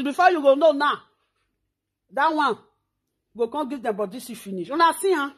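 A woman's voice: high-pitched, expressive, normal speed, fairly bright tone. A Nigerian woman hosting her own talk show, delivering a scolding, insulting rant. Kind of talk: social media rant.

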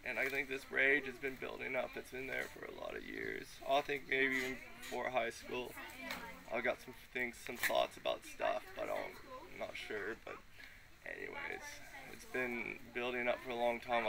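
A man's voice: mid-range voice, wildly swooping pitch, normal speed, gravelly, crowd noise. A man giving an emotional, rambling personal testimony full of slang and fillers in front of a gathering. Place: live gathering with listeners.

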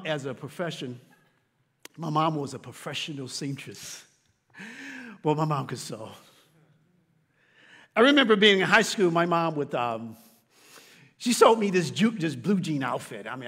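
A middle-aged man preaches from the pulpit, his pitch leaping and falling with wide expression. He builds to shouts, then drops to hushed, low lines. His voice is high for a man, and a long church-hall reverb trails after it. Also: animated, unhurried, long pauses, husky. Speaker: pastor. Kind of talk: sermon. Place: church sanctuary.

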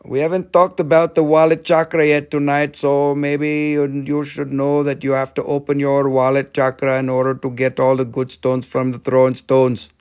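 A man's voice: mid-range voice, completely flat delivery, normal speed, few pauses, a little mellow, clean tone. A man hosting a live rock sales stream, joking and rambling in playful sales patter.

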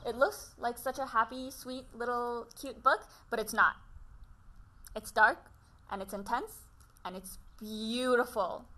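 A woman's voice: on the high side, steady tone, a little slow, bright, forceful tone. A woman chatting casually to camera about books. She gushes with enthusiasm and laughs often. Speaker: book vlogger. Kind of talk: casual book chat to camera.

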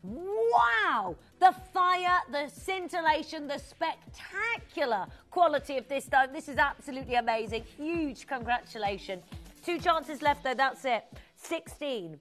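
Lady on a shopping channel, highish voice, super gushy and chatty, bit of music behind. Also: lively intonation, moderate pace, fairly bright tone. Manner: gushing, exclamatory, chatty with viewers. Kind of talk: live TV jewelry selling.

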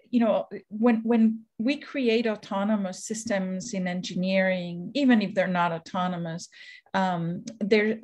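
Measured woman moderating a panel. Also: medium pitch, a little mellow. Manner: careful, measured questioning.

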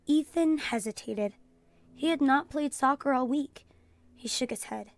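A woman teacher reading a children's storybook aloud in a calm storytelling voice, announcing page numbers. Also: sits high, measured pace. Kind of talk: children's read-aloud narration.

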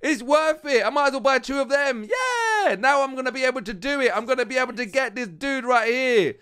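Chatty high-voiced British man. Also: fast talker, smooth. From United Kingdom. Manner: chatty and excitable, talks straight to viewers as "guys". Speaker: gaming channel host. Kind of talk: casual gameplay commentary.

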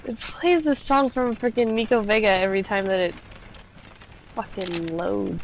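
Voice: mid-range voice, fairly even intonation, moderate pace, slight background noise, rough recording. A co-player chatting bluntly during a horror game, swearing often and startled easily. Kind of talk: casual gameplay chat.

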